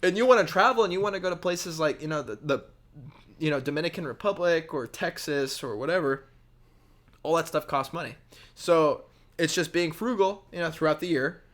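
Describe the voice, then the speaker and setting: A man's voice: a little high, a little fast, fairly bright tone. A young man co-hosting a casual podcast chat, rambling storyteller full of "you know" and "dude". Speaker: podcast co-host.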